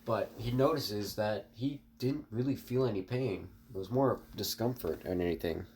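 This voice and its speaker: A man's voice: lowish voice, normal speed, a little mellow, a little hiss or hum. A man casually narrating an improvised story, rambling with fillers and restarts and talking to his viewers. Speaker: online storyteller.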